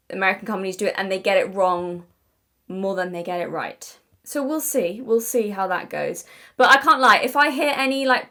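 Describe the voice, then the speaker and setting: A young British video essayist with a mid-range, fairly bright voice gives casual commentary to camera. She's chatty and digressive, apologizes often, and gets emphatic and exasperated at times.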